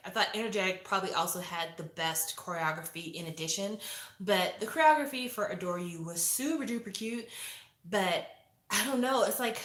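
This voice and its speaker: A woman in her forties chatting casually to viewers, opinionated and lively, acting out quotes as she reviews a show. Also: mid-range voice. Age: 40s. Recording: echoey room.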